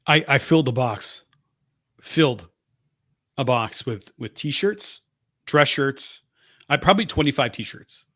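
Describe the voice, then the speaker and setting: A man's voice: mid-range voice, lively intonation, takes it slowly, pauses often, fairly bright tone, no echo, clean studio sound. A man in his thirties co-hosting a podcast, telling rambling stories and correcting himself as he goes. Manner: rambling storyteller, self-correcting. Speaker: podcast co-host. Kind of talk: casual chat.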